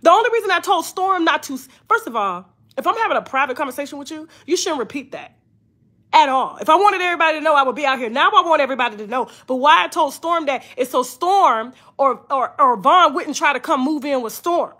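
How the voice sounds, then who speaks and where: A woman's voice: high voice, lively intonation, quick pace, bright, forceful tone. A woman hosting a gossip show, talking in heated casual commentary, profane and emphatic, repeating lines for emphasis.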